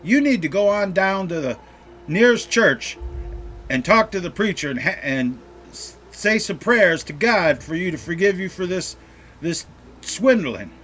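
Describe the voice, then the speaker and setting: A man voicing a poor mountain mother who scolds her son, pitched up a little. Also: animated, a little slow, a bit bright, a little hiss or hum. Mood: stern.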